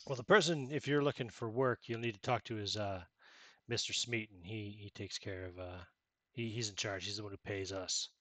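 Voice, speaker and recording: A game master voicing a tired camp boss at a muddy excavation. He talks plainly and a little haltingly, with a bright, forward tone and a low-set voice in a dry, close recording. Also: no echo. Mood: gruff welcome. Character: weary male camp overseer at a dig. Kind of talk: tabletop role-play voicing.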